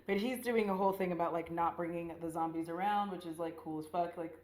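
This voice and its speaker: A woman with a fairly low voice rambles through a casual makeup chat, full of slang, swearing and filler "likes." The room around her is echoey and bare. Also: steady tone, quick pace, darkish tone. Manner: rambling, slangy and profane, with frequent "like". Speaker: beauty vlogger.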